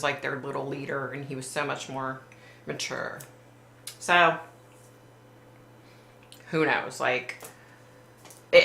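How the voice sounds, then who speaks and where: A woman with a low, sharp-toned voice hosts a live stream, chatting casually, reading out viewer comments, and swearing bluntly with a giggle. She's in a warm, brightly lit room, and the recording has a roomy echo.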